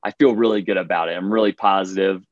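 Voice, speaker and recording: Guest: man, lowish voice, candid and halting, dry, dull call audio. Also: steady tone, no echo. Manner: candid, halting, with many restarts. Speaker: podcast guest, professional runner. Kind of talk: casual interview answers.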